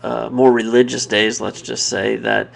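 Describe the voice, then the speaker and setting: Very gravelly man giving a devotional talk. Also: medium pitch, flat delivery. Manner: earnest, reflective, confessional; pauses and restarts mid-thought. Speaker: devotional video speaker.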